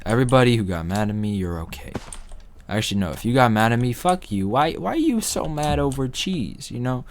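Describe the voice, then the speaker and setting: A young man doing casual gameplay commentary, rambling through absurd deadpan jokes at his computer. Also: mid-range voice, fairly quick, a little hiss or hum. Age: young adult. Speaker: gaming commentator. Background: faint keyboard clicks.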